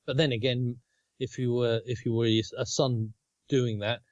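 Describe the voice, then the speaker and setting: A man's voice: mid-range voice, little pitch movement, a little slow, a little mellow, no room sound, dull audio. A man in his fifties with an Australian accent, co-hosting a casual chat podcast and laughing often. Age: 50s. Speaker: podcast co-host.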